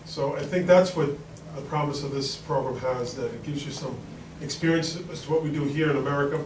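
A man's voice: on the high side, brisk, background noise. A middle-aged man with a Queens, New York accent giving a rambling, informal speech to an audience, with many fillers and restarts. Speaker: congressman speaking at a forum. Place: large event hall with an audience. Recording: echoey hall recorded from far off.

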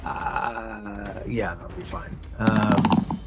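Slow-talking man counting out his turn. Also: lowish voice, fairly even intonation, vocal fry, over music. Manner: slow, counts out moves and damage. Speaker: player. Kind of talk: tabletop game play.

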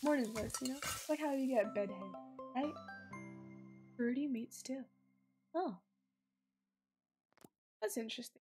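A young woman streamer with a hoarse, sick voice, chatting casually and swearing as she plays. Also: a little high, steady tone, normal speed, long pauses, a little mellow, faint music behind. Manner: chatty, swears freely, thinks aloud. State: hoarse from sickness and morning voice. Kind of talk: casual gameplay commentary.

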